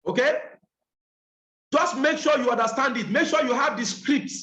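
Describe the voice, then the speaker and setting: A man's voice: extremely high pitch, moderate pace, bright, forceful tone, roomy sound, highs cut off. A man leading an online business training, emphatic and repeating key points.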